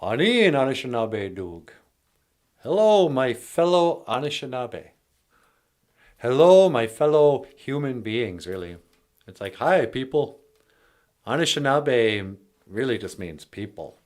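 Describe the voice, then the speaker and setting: Slow but animated, this man's mid-range, darkish voice leads a casual language lesson on his show. He explains plainly while tossing in playful jokes and silly asides.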